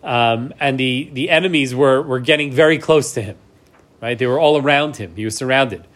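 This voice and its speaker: With a fairly bright, mid-range voice at a moderate pace, a man teaches a Torah class. He reads Hebrew verses, explains them in English, and keeps asking "right?" to check in.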